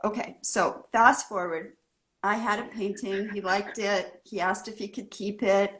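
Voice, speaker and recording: A woman from California, a guest artist in a casual interview, telling her story in an animated way and acting out the scene. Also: medium pitch, measured pace.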